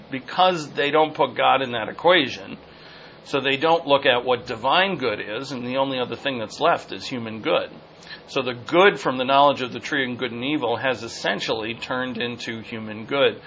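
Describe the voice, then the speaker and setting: A man's voice: medium pitch, moderate pace, pushed and bright. Earnest man teaching scripture, lo-fi. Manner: earnest, repetitive, searching for words mid-sentence. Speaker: pastor. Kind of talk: expository Bible teaching. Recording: dull lo-fi sound with faint noise.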